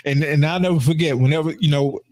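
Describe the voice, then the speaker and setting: A man's voice: fairly high pitch, quick pace, a little mellow. A man hosting a casual podcast, talking earnestly and often repeating and restarting his words. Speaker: podcast host and barber. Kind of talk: casual heartfelt conversation.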